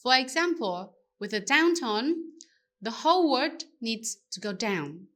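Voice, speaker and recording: A woman gives a scripted language lesson in a bright, crisp voice pitched a little high. She speaks very slowly and carefully, pausing to ask her learners questions. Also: very animated. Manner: careful, explanatory, asks rhetorical questions. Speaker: language teacher.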